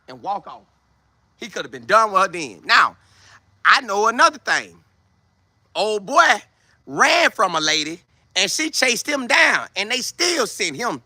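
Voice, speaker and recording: A young man hosting a podcast, giving preachy, animated commentary in a casual way. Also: high voice, a little slow, long pauses, no room sound. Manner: animated, preachy, acts out scenes in put-on voices. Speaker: podcast host.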